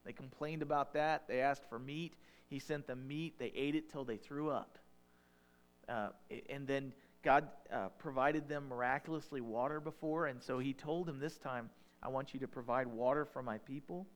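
A man's voice: mid-range voice, normal speed. A man as a pastor, preaching a sermon and reading scripture, conversational and building to emphatic questions.

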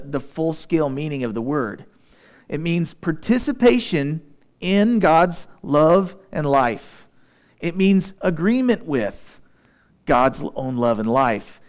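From Southeast Missouri, this pastor preaches in a voice that sits somewhat high. He reads the scripture slowly and in a measured way, then eases into informal remarks for the audience between passages.

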